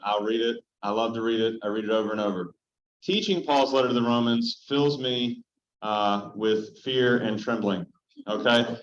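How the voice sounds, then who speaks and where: Conversational male pastor in a roomy church hall. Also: medium pitch. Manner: conversational, often checks in with the room. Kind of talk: casual Bible study teaching. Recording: roomy, dull lo-fi room sound.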